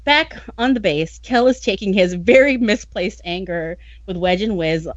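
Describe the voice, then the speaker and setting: A woman's voice: medium pitch, normal speed, no echo, dull audio. A woman hosting a podcast, recapping a story in a chatty, sarcastic way and often laughing. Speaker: podcast host recapping a novel. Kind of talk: casual chat.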